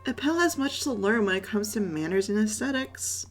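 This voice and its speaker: A haughty young dorm leader lays down the rules in cool, imperious tones, as a woman reads him aloud. Soft game music hums behind the voice. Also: medium pitch, expressive, normal speed, close to an everyday voice. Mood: stern. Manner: stern, imperious instructing.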